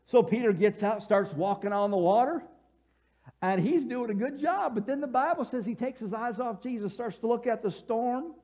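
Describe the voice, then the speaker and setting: A man's voice: extremely high pitch, normal speed, darkish tone. A man preaching a sermon as pastor, telling scenes vividly and acting out voices, leading the congregation to repeat lines back. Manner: leads congregation call-and-response. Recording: dull lo-fi church broadcast audio.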